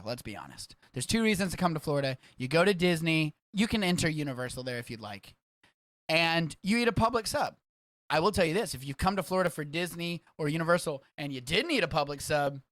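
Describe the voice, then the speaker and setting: A man from Texas hosting a casual livestreamed podcast, rambling and excitable, swearing freely as he talks. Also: fairly high pitch, no room sound. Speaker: podcast host.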